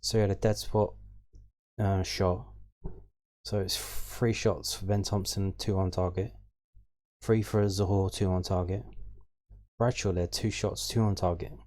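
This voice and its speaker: A man's voice: low voice, steady tone, a little slow, pauses often, a little mellow. A man hosting a football fan channel, talking through match statistics in a casual, hesitant way with many ums and restarts. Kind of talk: casual stats rundown.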